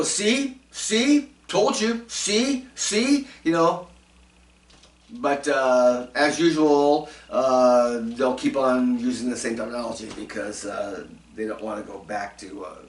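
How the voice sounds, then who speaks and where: A man's voice: mid-range voice, fairly even intonation, measured pace, roomy sound, far from the mic. A man hosting a casual talk show, rambling through his commentary with lots of fillers and restarts. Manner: rambling, many fillers and restarts, chuckling asides. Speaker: show host doing commentary segments.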